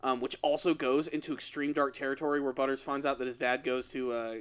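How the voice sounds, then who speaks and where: A man co-hosting a casual podcast, retelling a story with lively energy and putting on quick voices for the characters. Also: medium pitch. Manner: animated storytelling, acts out quoted lines in exaggerated voices. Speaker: podcast co-host.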